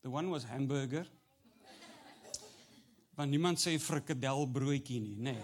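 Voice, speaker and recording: A man from South Africa whose first language is Afrikaans, preaching a light-hearted sermon with an Afrikaans accent, mixing in Afrikaans words and rising to loud, emphatic delivery. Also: mid-range voice, unhurried, a little hiss or hum. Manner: jokey, switches between English and Afrikaans, builds to loud preaching. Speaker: pastor. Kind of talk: humorous sermon.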